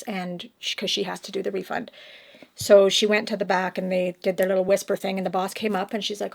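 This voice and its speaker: A woman's voice: medium pitch, little pitch movement, normal speed, vocal fry. A woman vlogger telling a story to camera, emotional and rambling, often restarting her sentences.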